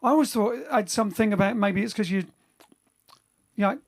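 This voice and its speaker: A man's high, creaky voice comes through fairly quickly as he hosts a lockdown livestream for his band at home. Chatting casually, he reads viewer comments aloud and rambles with lots of fillers and restarts.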